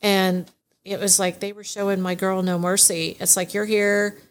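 A middle-aged woman guest on a podcast, telling family stories in an animated way and laughing often. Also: lowish voice, normal speed. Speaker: guest, divorce mediation attorney. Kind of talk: casual podcast storytelling.

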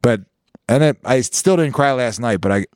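A man in casual podcast chat, speaking in a low-key, halting way with deadpan quips. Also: dry recording.

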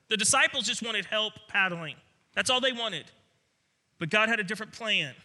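A man's voice: high voice, expressive, moderate pace, sharp tone. A man preaching a sermon, earnest and emphatic, often restarting his words. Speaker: pastor.

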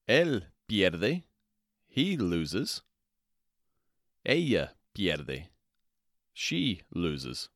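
A man's voice: deep voice, big pitch swings, a bit bright, dry recording, studio quality. A man hosting a podcast Spanish lesson, saying each phrase twice with its translation and checking in with "okay?". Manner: slow, repetitive, spells out phrases twice with translations; checks in with "okay?" and "all right". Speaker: Spanish teacher, podcast host.

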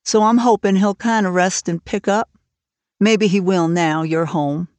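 A woman's voice: medium pitch, fairly even intonation, a little slow, a little mellow, no room sound, close to an everyday voice. A woman reading the part of a stern, worried older farm woman who speaks plainly and bluntly, for an audiobook. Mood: troubled.

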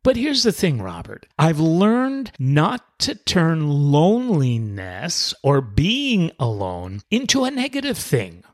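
A man's voice: a little high, wildly swooping pitch, slow pace, hardly any pauses, pitched above the performer's own voice, heavily acted. A man voicing a cheerful, chatty single woman in middle age, who talks in a bubbly, upbeat way.

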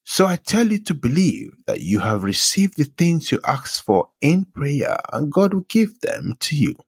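A man with a husky, low voice reads Bible verses aloud, naming each book and verse before he reads it. His delivery swings widely in pitch and lands with emphasis, and the sound is close and dry. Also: sing-song, measured pace, dry recording. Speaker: scripture reader.

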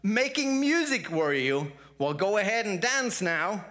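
Shrill, scornful storybook ants, as a preacher puts them on cry out at a lazy neighbor in a pitch well above his own voice. They sound loud and indignant. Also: sing-song, a little slow, heavily acted. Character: indignant busy ants, a chorus of workers.

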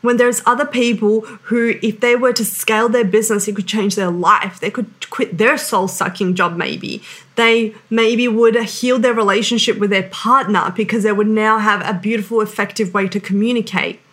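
A woman in her thirties speaks as a sales coach in a motivational business talk. She is earnest and emphatic, leaning on "like" as she goes. Her voice sits at an ordinary middle pitch. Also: steady tone, moderate pace, fairly bright tone. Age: 30s. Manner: earnest and emphatic, heavy use of "like".

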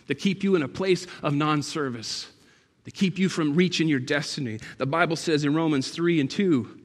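Give me a male preacher with a slightly high voice, building to passionate peaks, echoing in a large church hall. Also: moderate pace. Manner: emphatic, building to loud passionate peaks, often says "guys". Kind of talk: sermon. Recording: long hall reverb.

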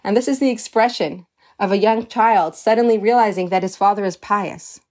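A woman's voice: medium pitch, moderate pace, a little mellow. Earnest woman teaching Torah. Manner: earnest, emphatic, sprinkles Hebrew terms. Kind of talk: storytelling lesson.

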